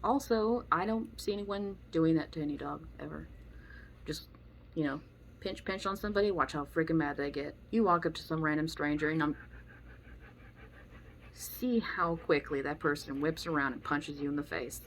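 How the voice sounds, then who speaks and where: Low-voiced blunt young woman. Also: normal speed, slight background noise. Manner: blunt, opinionated, acts out quoted voices. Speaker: dog trainer vlogger. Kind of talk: casual advice monologue.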